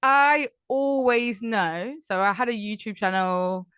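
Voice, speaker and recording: A woman's voice: on the high side, slow, fairly bright tone, smooth, dry recording. A woman with a Nottingham English accent, chatting as a guest on a video-call interview, laughing often and filling her talk with "like". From England. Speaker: guest business coach.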